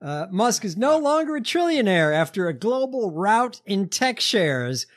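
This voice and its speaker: A man hosting a podcast in casual chat, telling stories haltingly with many fillers and a sardonic edge. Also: sits high, big pitch swings. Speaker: podcast host.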